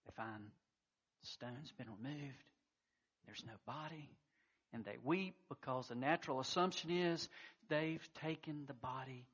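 A man's voice: a little high, unhurried, a bit bright, slightly rough, highs cut off. A man preaching a sermon, telling a scripture story with emphatic surges of intensity. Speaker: pastor.

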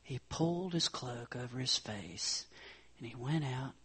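A man preaching a sermon, retelling a scripture story with dramatic swings from loud, emphatic lines to hushed whispers. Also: mid-range voice, expressive, measured pace, breathy edge.

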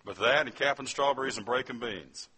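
A man from West Virginia gives his testimony as a sermon, telling his story while addressing listeners directly. His mid-range voice is husky with a sharp tone, and he speaks fairly quickly.

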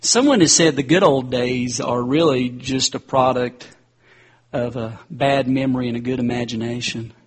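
A preacher with a husky, medium-pitched voice at normal speed delivers a conversational sermon. He keeps addressing his listeners as "guys."

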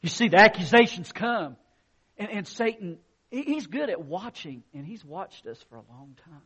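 Guy preaching a sermon, kinda high voice, gets loud and emphatic in spots. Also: sing-song, normal speed, slightly rough. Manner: preaching with rising emphatic bursts. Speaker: pastor.

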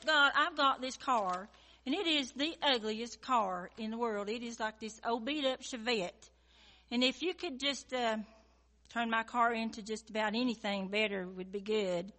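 A woman's voice: on the high side, bright, forceful tone. A young woman rambling through a comic prayer with lots of fillers and casual requests. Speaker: praying woman in a skit.

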